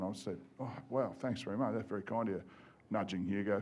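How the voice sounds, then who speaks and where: A man's voice: lowish voice, fast, darkish tone. A man in his forties with an Australian accent, a former rugby player telling self-mocking stories on a podcast and laughing as he goes. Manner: laughing, self-mocking anecdotes, swears freely. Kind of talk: casual storytelling on a podcast.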